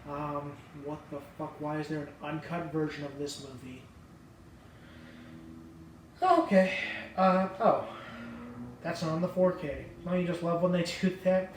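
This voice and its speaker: A young man talks through his movie haul in a loose, rambling way, swearing often and poking fun at himself. His voice sits a little high and sounds far from the mic. The room is very echoey, with faint noise underneath. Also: a little mellow. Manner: rambling, profane, self-deprecating. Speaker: vlogger showing a movie haul. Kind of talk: casual haul chat.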